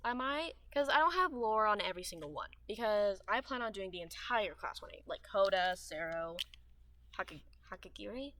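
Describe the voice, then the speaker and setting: Bright-voiced teen girl with a dry throat. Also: mid-range voice, lively intonation, normal speed, few pauses. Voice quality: dry mouth with audible lip smacking. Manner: chatty and meandering, with frequent fillers and trailing restarts. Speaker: gaming streamer. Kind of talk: rambling gameplay chat.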